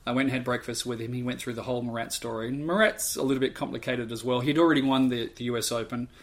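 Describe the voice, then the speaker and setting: A middle-aged Australian man, a podcast guest telling an animated story and acting out the voices of others. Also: mid-range voice, fast. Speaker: podcast guest, tennis coach. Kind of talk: casual storytelling.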